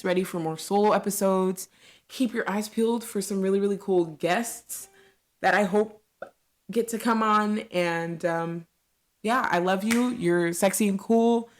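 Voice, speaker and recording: A woman's voice: medium pitch, fairly even intonation, a little slow. A woman in her thirties hosting a solo podcast, talking candidly and reflectively, with lots of "like" fillers. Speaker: podcast host.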